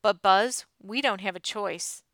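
A calm, level-headed girl speaks in a smooth, bright voice, as a woman reads her lines. She is steady and reassuring, recorded close and dry. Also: medium pitch, unhurried, no echo.

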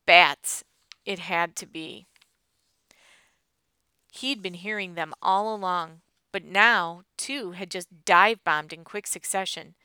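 A woman narrating a children's adventure story with expressive storytelling, recorded close to the mic. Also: on the low side, slow pace, clear, resonant tone, no room sound. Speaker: audiobook narrator. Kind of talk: scripted narration.

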